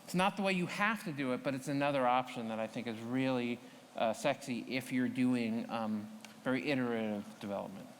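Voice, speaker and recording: A man explaining a live coding demo at a tech conference, talking to the audience in a relaxed, explanatory way. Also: mid-range voice, fairly quick, big-room sound, a little hiss or hum. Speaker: conference speaker. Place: conference hall.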